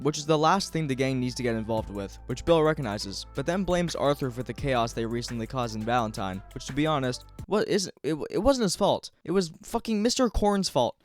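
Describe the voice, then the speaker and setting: A man narrating a video game recap in a casual, mumbling way, cracking crude jokes as he goes. He sounds like he is recording at home late at night, with faint game music underneath. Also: mid-range voice. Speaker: gaming commentator.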